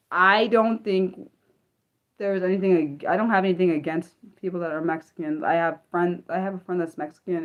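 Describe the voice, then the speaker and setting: Her voice is fairly low and the recording is muffled. She's a livestream host in an unscripted session, reading out and responding to her chat while venting and swearing often.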